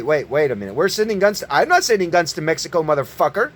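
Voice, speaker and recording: A man giving an angry, profane religious rant, yelling at his listeners. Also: a little high, sing-song, fast, hardly any pauses. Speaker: online preacher.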